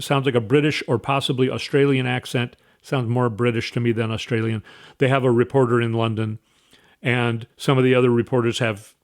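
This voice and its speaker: Male host, conversational, emphatic, mid-pitched, repeats words for stress. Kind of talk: casual commentary, reading news aloud.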